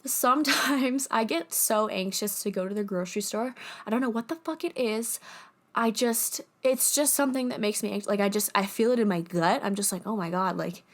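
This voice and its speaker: A woman's voice: on the high side, normal speed. Chatty woman with a candid, laughing manner. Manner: candid, laughs often, swears freely, many fillers. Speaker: podcast host. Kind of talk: casual personal monologue.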